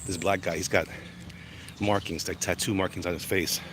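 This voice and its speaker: A man's voice: low voice, fairly even intonation, normal speed. A man vlogging while walking outdoors, chatty and rambling, congested in the chest and walking on sore legs. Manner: rambling, chatty, easily sidetracked. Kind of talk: casual walk-and-talk monologue. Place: outdoors, walking along urban streets. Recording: loud traffic noise outdoors. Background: passing cars and street ambience.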